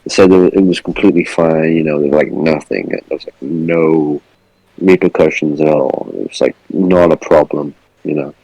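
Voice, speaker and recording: A man answering interview questions in a deadpan comedic style, flat and matter-of-fact. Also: extremely low pitch, normal speed, vocal fry, husky, poor audio. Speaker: interview guest.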